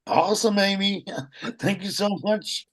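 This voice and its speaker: A man's voice: high-pitched, a little slow. Easygoing male host with many fillers. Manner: relaxed, with many fillers and small laughs. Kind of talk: hosting an online comedy event. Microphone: video call.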